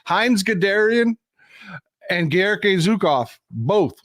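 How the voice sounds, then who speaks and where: A male host chatting casually, telling stories in a rambling, animated way full of restarts. His voice sits a bit high. The sound is dry and close, with no room around it. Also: slow pace, no room sound. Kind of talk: casual political chat.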